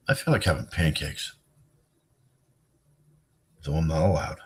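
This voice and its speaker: A middle-aged man with a breathy edge and big pitch swings talks at a measured pace. Hosting his own livestream, he rambles casually, jokes, tells stories, and swings into high, squeaky bits.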